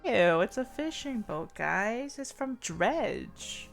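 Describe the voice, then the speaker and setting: A woman's voice: medium pitch, takes it slowly, gravelly, soft background music. A woman streamer chatting casually, giggling often as she talks. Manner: giggly, animated, laughs often. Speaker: streamer host.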